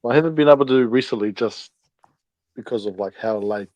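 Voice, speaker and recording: A man's voice: mid-range voice, a little fast, darkish tone, dry recording, muffled recording. A man with a New Zealand accent calling in as a guest, easygoing and a little hesitant. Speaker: guest caller. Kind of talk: casual call-in chat.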